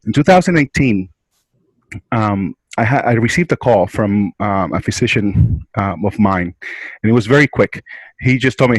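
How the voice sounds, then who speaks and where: A man's voice: fairly low pitch, expressive, normal speed, slightly rough, no room sound, poor audio. A man from a hospice care provider, earnestly explaining in an interview and often checking in with "right?". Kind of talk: interview explaining and telling a story.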